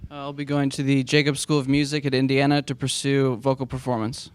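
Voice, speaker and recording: A young man in his late teens, a graduating student, speaking softly and evenly. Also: mid-range voice, flat delivery, fairly quick, clean tone, no room sound.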